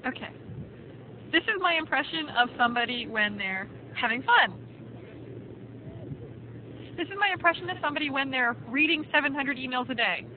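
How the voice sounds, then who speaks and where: A woman's voice: high-pitched, normal speed, long pauses. A young woman vlogging outdoors, chatting casually and saying "like" all the time as she tells stories. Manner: chatty, peppers speech with "like", animated storytelling. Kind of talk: casual chat. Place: outdoors at an airport, wind. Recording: lo-fi phone-like band, loud wind noise.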